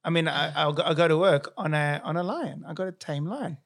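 A man's voice: fairly high pitch, fairly quick, fairly bright tone. South African man telling a story. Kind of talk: casual podcast chat.

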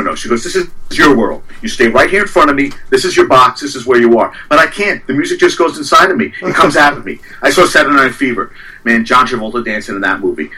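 A man's voice: mid-range voice, pushed and bright, husky, far from the mic, poor audio. A man who is a guest on a talk show, giving a rambling, self-deprecating comedic rant.

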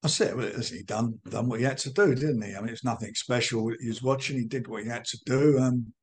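A man's voice: medium pitch, quick pace. Blunt older man, combative and emphatic. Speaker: boxing promoter. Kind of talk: podcast interview answers.

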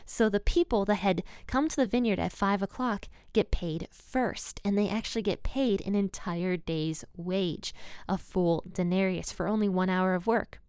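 A woman gives a relaxed devotional Bible talk, retelling the passage in plain conversational words and speaking openly about her own life. Her voice is smooth and clear, and the recording is dry and close. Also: mid-range voice, normal speed, dry recording. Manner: candid and personal. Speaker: Bible teacher.

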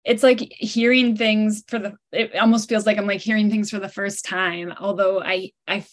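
A woman's voice: mid-range voice, flat delivery, normal speed. A middle-aged woman hosting a podcast, telling a family story in casual, filler-heavy conversation. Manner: chatty, storytelling, frequent "like" fillers. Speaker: podcast host. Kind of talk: casual interview chat.

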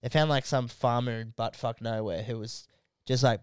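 Male co-host, slangy storyteller, smooth clear voice, close and dry. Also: medium pitch, steady tone, moderate pace, no echo. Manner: swears a lot, slangy, acts out quotes. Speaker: podcast co-host. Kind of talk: casual banter.

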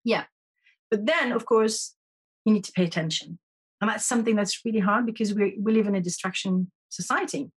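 A woman's voice: medium pitch, a little fast, slightly rough. A woman who teaches intuition, a guest on a podcast, explaining her ideas earnestly with frequent restarts. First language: French. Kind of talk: conversational interview.

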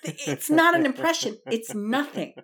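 A woman co-hosting a podcast in casual chat, animated and gossipy, swearing freely. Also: high-pitched, unhurried, husky. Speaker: podcast co-host.

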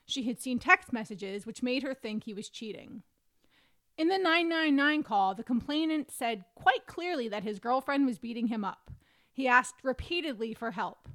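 A woman's voice: a little high, normal speed. Woman co-host reading case notes. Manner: steady narration of notes and quotes. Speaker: podcast co-host.

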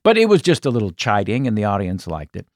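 Animated older man telling a story. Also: fairly low pitch, quick pace, dry recording, clean studio sound. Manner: animated, with frequent asides and self-corrections. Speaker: guest comedian. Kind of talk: anecdotal storytelling in an interview.

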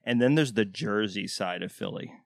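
A man's voice: fairly low pitch, moderate pace, gravelly, dry recording. A man hosting a podcast, chatting casually and joking at his own expense. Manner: joking, self-mocking storyteller. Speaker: podcast host. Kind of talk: casual chat.

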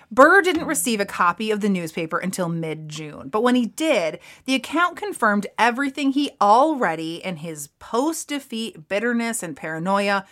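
A woman narrates history as a podcast co-host, her voice bright and forward. She explains the background clearly and in an orderly way. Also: mid-range voice.

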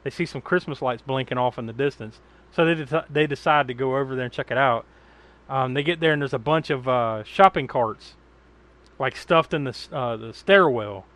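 An American man hosts a podcast, recapping a film in loose, rambling conversation. His voice is medium-pitched and a little bright, at a moderate pace, and he laughs a lot and swears freely.

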